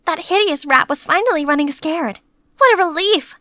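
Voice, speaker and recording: A young woman narrating her own animated story in the first person, in a chatty, playfully dramatic way. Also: very high-pitched, normal speed, dry recording. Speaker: narrator and maid character.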